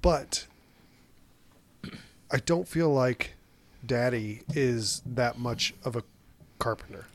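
A man co-hosting a podcast, retelling film scenes in animated casual chat with quick asides. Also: mid-range voice. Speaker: podcast co-host. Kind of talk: casual chat about movies.

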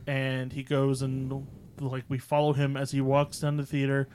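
A man in casual movie chat with friends, retelling scenes and slipping into quick acted-out quotes. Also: medium pitch, completely flat delivery, a little mellow, a little hiss or hum.

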